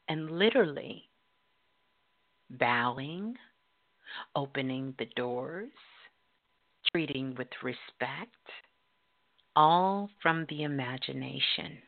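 A middle-aged woman radio host telling a story in a slow, drawn-out, emphatic way. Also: extremely low pitch, expressive, creaky. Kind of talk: storytelling talk. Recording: tinny phone-like line.

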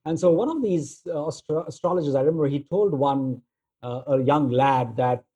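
A man giving a relaxed storytelling talk, using plenty of filler words as he tells everyday examples. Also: on the high side, moderate pace, breathy edge, highs cut off. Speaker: speaker on negotiation.

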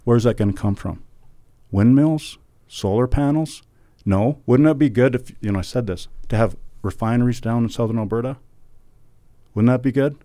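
On a podcast, a former election candidate from Canada, middle-aged, speaks emphatically about politics as the guest, circling back on words until he erupts in fervor. His voice is mellow and medium-pitched at a normal speed, recorded dry.

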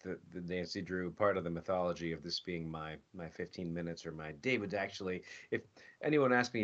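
A man's voice: deep voice, fairly quick, pushed and bright. A man, a voice actor being interviewed, telling stories casually and animatedly, acting out his own quoted lines. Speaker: voice actor guest. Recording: dull lo-fi audio.

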